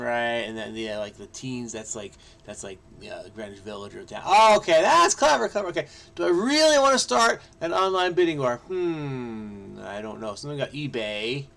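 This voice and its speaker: A man from New Jersey solving a crossword aloud, excitable and frenetic, muttering to himself and breaking into snatches of song. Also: on the high side, creaky. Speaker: crossword solver host. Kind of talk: thinking aloud while solving.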